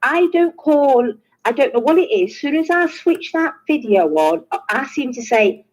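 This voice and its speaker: A woman chatting on a live stream, hesitant and halting, often laughing between her words. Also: sits high, big pitch swings, poor audio. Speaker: guest on a live chat. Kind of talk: casual live-stream chat.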